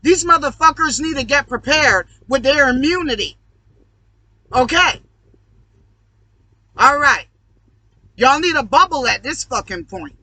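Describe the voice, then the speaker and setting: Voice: high-pitched, animated, unhurried, pauses often, pushed and bright, dry recording, poor audio. A speaker in a heated, profane ranting monologue, preaching at the audience and swearing constantly. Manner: calls the audience "y'all". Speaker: online video host.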